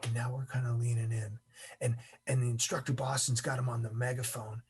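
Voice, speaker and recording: A middle-aged man, an interview guest, telling a story in an animated way and acting out the scenes. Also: medium pitch, brisk, breathy edge.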